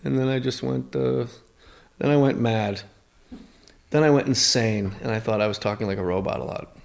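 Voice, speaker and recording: A man with a gravelly, fry-edged voice talks loosely as a podcast guest. He rambles from one thought to the next and throws in quick comic voices, all at a middling pitch. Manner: rambling, jokey, acts out voices in quick asides. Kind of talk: casual chat.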